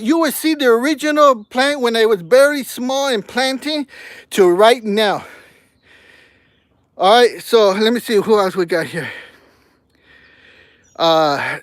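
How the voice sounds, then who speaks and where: A man in his sixties talks slowly in a breathy, winded voice on his own gardening livestream, his words clipped short. He is blunt and complaining as he reads viewer comments. The sound is dry and close, with no room around it. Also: very high-pitched, fairly bright tone, no echo. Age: 60s. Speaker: gardening channel host.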